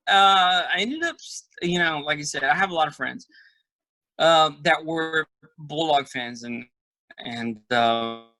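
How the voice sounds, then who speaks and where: Lively man telling stories. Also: on the high side, no echo, poor audio. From Texas. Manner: animated, laughs often while telling stories. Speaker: interview guest. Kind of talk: casual storytelling chat. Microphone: video call.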